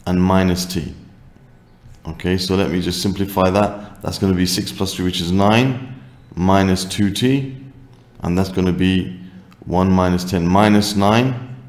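A man with a low voice walks through a maths exercise step by step. He thinks aloud, fills gaps with "okay" and fixes his own slips as he writes. The room gives his voice a noticeable echo. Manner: talks while writing, thinking aloud with frequent "okay"s and self-corrections. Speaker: maths teacher. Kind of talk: worked-example maths tutorial.

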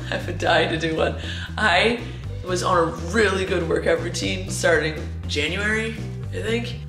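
A woman's voice: on the low side, a little slow. A woman vlogging casually at home, chatty and self-mocking, a little short of breath from a cold. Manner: chatty, self-mocking, acts out her own past thoughts. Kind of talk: casual vlog chat. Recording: echoey room with music behind.

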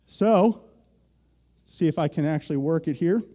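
A man's voice: fairly high pitch, measured pace, mellow. A young man from Pennsylvania preaching a sermon, telling a joking, self-deprecating story to the church. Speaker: pastor.

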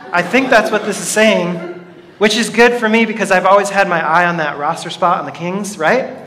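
Bright-voiced man preaching in a hall. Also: sits high, normal speed, some chatter behind, slight background noise. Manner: playful, jokey, talks to the congregation. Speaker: pastor. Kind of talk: sermon. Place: church hall. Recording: reverberant hall.

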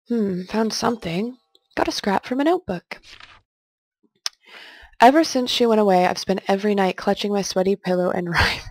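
A woman's voice: mid-range voice, no echo. A young woman casually commenting on a game she is playing, reading its text aloud and joking as she goes. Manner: jokey, chatty, talks to herself. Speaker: let's play host.

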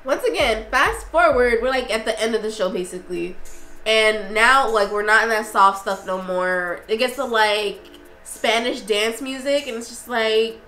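A young woman vlogging in a casual, effusive way, talking excitedly with lots of fillers and restarts. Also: on the high side, moderate pace, echoey room, soft background music, poor audio. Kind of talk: casual review vlog.

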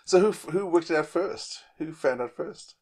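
Fairly high-voiced male interviewer. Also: animated, normal speed. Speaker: interviewer, podcast host. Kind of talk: interview questions.

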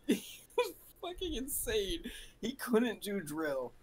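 Man telling loud boot camp stories. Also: high-pitched, wildly swooping pitch, takes it slowly, slightly rough. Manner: storytelling, acts out shouting drill instructors. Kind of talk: casual chat.

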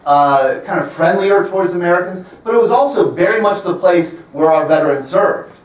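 A man in his fifties giving a public talk in a library, telling wry travel stories and slowing down to stress his points. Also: high-pitched. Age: 50s. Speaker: presenter. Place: library event room. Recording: roomy sound from a distant mic.

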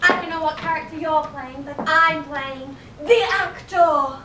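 A woman's voice: sits high, flat delivery, fast talker, echoey room, noisy background, lightly acted. A woman acting a snooty know-it-all girl on stage, speaking in a prim, condescending way, taped from far off in a theatre. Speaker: stage actor. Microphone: far camera in audience.

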